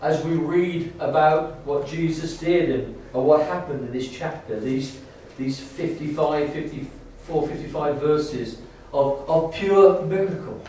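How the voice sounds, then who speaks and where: Brief: a man preacher in a church, slightly high voice, stumbling restarts then fervent bursts, faint hum behind. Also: mellow. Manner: halting, full of restarts and fillers, rising to fervent emphasis. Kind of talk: sermon. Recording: echoey church hall, distant mic.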